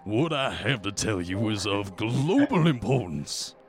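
A man's voice: fairly low pitch, very animated, unhurried, soft background music. A man voicing a paranoid, urgent man in hiding in a tabletop game. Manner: urgent, secretive.

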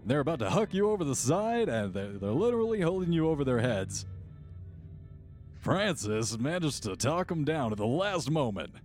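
A man's voice: on the high side, sing-song, normal speed, a little mellow, faint music behind. A man narrating a tabletop game as game master, in a casual, descriptive way.

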